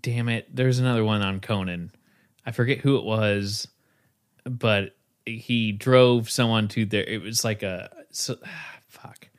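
A man's voice: on the low side, fairly even intonation, measured pace, clean tone. A man co-hosting a casual podcast, joking and acting out imagined scenes with lots of laughter. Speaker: podcast co-host. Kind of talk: casual chat.

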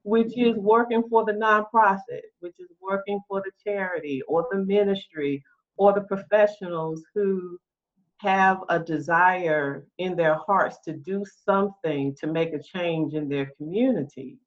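A woman's voice: on the low side, a little slow. A middle-aged woman, a guest on a podcast interview, who talks about her work with frequent laughs and many fillers. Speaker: guest, writing consultant. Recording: dull lo-fi audio.

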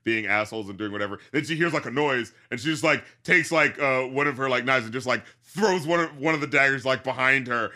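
A man's voice: medium pitch, brisk, few pauses, pushed and bright. A man co-hosting a podcast, chatting casually about a film, rambling with lots of fillers and swearing. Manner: rambling, profane, many fillers. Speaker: podcast co-host.

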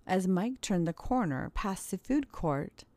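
A woman narrating a story in a steady, measured way. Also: lowish voice, no echo. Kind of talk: audiobook narration.

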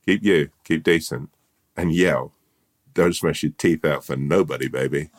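A man's voice: rumbling low, measured pace. A man co-hosting a podcast, telling a rambling, slangy tall tale in a laid-back, swearing way. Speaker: podcast co-host.

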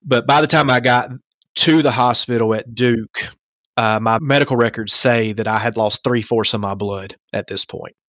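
A man's voice: mid-range voice, normal speed, dry recording. Guy telling his story on a podcast, chatty, lots of asides, dead dry mic. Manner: animated storyteller with rhetorical asides. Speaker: guest.

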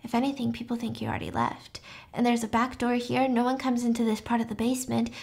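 A woman's voice: fairly high pitch, animated, fast, vocal fry, darkish tone, slightly rough, heavily acted. A woman voicing an obsessive, earnest young male stalker in a casual recap. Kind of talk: casual recap with quoted lines.

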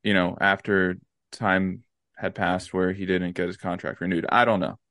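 A man's voice: low-pitched, level tone, moderate pace, a bit bright, dry recording, clean studio sound. A young man co-hosting a podcast, laid-back and rambling with lots of fillers in casual chat. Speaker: podcast co-host.

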